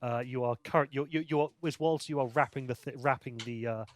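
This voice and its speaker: A man's voice: medium pitch, fairly even intonation, a little hiss or hum. Hesitant man game master narrating scenes, stops and restarts often. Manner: halting, many restarts.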